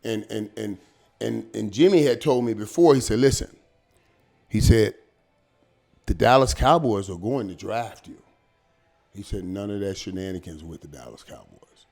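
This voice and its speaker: Pitched somewhat low, gravelly, and paced normally, a middle-aged ex-pro football player recounts stories as an interview guest. His talk is casual and animated, with frequent pauses, repeated words, and plenty of "man" and "dog."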